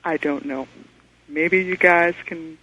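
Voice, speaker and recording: A man calling in to a radio talk show, telling his story in an earnest, excitable way over the phone. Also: on the high side, takes it slowly. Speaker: caller. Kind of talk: call-in storytelling. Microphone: telephone. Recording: muffled phone line.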